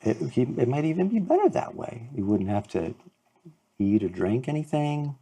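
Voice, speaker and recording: A man's voice: medium pitch, very animated, moderate pace, mellow, breathy edge. A man playing in a tabletop role-playing game, making wry jokes to the table. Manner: wry, jokey. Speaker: player. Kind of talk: tabletop role-play banter.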